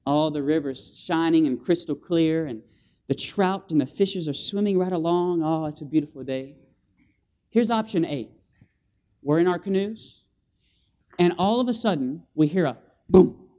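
High-voiced, animated male preacher. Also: normal speed. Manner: animated, with call-and-response and vocal sound effects. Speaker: guest preacher. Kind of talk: lively evangelistic sermon. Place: church sanctuary.

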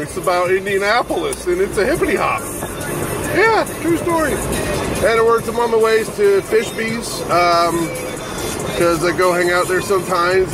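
A higher-voiced man rambling through a casual vlog from behind the wheel. He swears constantly, barks and yells at people outside, then keeps apologizing for it. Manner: rowdy, swearing, barking and yelling outbursts, repeated apologies. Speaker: vlogger.

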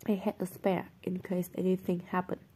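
A woman's voice: on the low side, completely flat delivery, moderate pace, warm tone, husky. A woman reading the lines of a cheerful, shrewd schoolboy in an airy, matter-of-fact way. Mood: breezy.

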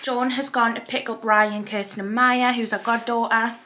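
A woman's voice: a little high, steady tone, moderate pace, a crowd in the background. A young woman with a Geordie accent, chatting casually to camera in a rambling vlog, with a slight lisp from dental aligners. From North East England. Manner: chatty and rambling, with frequent fillers. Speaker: vlogger.

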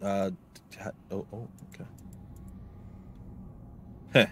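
A man's voice: lowish voice, level tone, slow, a little hiss or hum. A man casually commenting while playing a game, chatty and self-deprecating. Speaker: let's play host.

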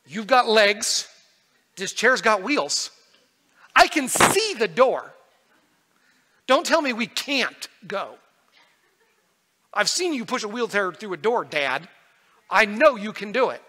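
Guy doing a fed-up little girl who wants out now, pushy and accusing, loud and bright. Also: high-pitched, very animated, slow pace, long pauses, voice pushed up, heavily acted. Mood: insistent. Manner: insistent, accusing. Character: frustrated little girl demanding to leave. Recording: echoey church hall.

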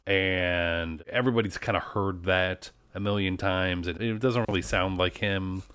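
A man's voice: low-pitched, fairly even intonation, a little slow, a bit bright, clean tone, no echo. A man co-hosting a podcast in casual, rambling chat, often saying "like". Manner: chatty, rambling, heavy use of "like". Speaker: podcast co-host.

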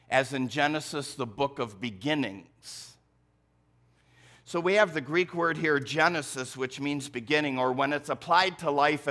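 Pastor with a Michigan accent, man, preaches slowly and deliberately to his congregation. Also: mid-range voice, fairly bright tone. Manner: slow, deliberate preaching with emphatic phrasing. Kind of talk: sermon. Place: church sanctuary.

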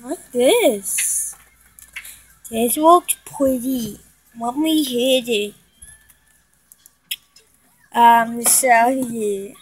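A woman giving excitable gameplay commentary to her viewers, often breaking into panicked shrieks. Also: fairly high pitch, extremely slow, pauses often, a little hiss or hum. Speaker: gaming video creator.

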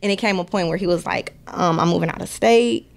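A woman's voice: on the low side, brisk, creaky. Blunt, laughing woman from Milwaukee. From Milwaukee, Wisconsin. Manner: blunt, profane storytelling with lots of laughter; acts out other people's voices in her stories. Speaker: podcast guest. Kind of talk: casual interview chat.

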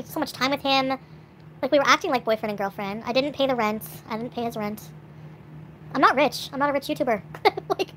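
A woman's voice: a little high, a bit bright, a little hiss or hum. A young woman vlogging, venting in an upset, swearing rant with sighs. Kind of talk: angry venting vlog.

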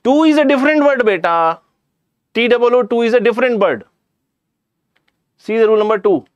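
A man's voice: extremely high pitch, animated, a little fast, clear, resonant tone, dry recording, dull audio. A man with an Indian English accent teaching a live online grammar class, chatty, addressing students directly and slipping in jokes.

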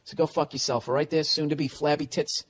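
Man riffing as a smug old-movie leading man, low and crude, sneering put-down. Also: steady tone, fast, slightly rough. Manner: crude, sneering, lower and quieter. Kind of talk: comedic put-on rant on a podcast.

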